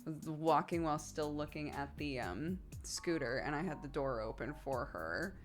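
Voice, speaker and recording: A woman streamer telling a story in casual chat, animated and full of acted-out quotes. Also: sits low, moderate pace, faint music behind.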